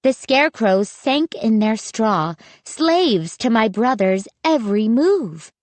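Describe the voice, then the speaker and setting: Slow, measured woman narrating a spooky audiobook. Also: a little high, sing-song, darkish tone, dry recording.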